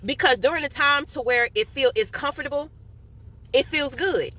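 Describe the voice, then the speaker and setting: A woman's voice: sits high, normal speed, bright, forceful tone. A young woman talking candidly in a casual monologue. She swears freely, laughs often, and talks while eating. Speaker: vlogger.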